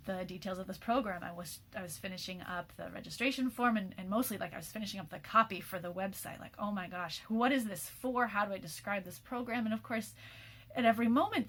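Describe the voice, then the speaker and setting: A woman's voice: mid-range voice, fairly bright tone, breathy edge. A woman in her forties, tired after a sleepless night, talking candidly in a rambling personal message with frequent restarts and light laughter. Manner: laughs often mid-sentence. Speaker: program host.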